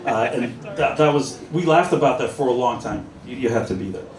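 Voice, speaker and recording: A man's voice: mid-range voice, fairly quick, slight background noise. A man who used to work in law enforcement, telling humorous anecdotes to an audience and acting out the dialogue. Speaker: former police officer sharing stories. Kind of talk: live storytelling talk to an audience. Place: indoors at a busy pub event. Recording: echoey pub from far off with crowd.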